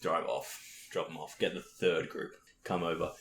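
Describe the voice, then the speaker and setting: Deep-voiced young man telling a laughing story. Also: little pitch movement, a little slow, fairly bright tone. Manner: laughs often, swears, acts out others' voices. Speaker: podcast co-host. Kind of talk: casual storytelling chat. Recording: roomy echo with faint noise.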